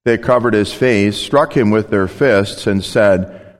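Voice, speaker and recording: A man, a pastor, reading scripture in a service in a measured prayerful way. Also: lowish voice, big-room sound.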